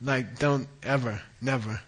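A middle-aged man teaching Buddhist tradition, explaining terms slowly and often checking in with "okay?". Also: mid-range voice, fairly even intonation, breathy edge. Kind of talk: dharma teaching.

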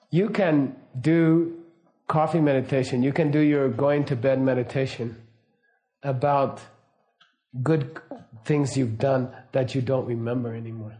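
A middle-aged man giving a casual, anecdotal teaching talk, relaxed and laughing often. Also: mid-range voice. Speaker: Buddhist teacher.

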